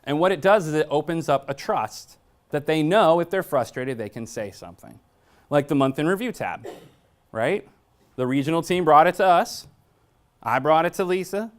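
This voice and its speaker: A man's voice: fairly high pitch, lively intonation, moderate pace. A man presenting a staff training workshop. He talks bluntly and jokes through his stories, and he often asks the audience questions. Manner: blunt, joking, storytelling.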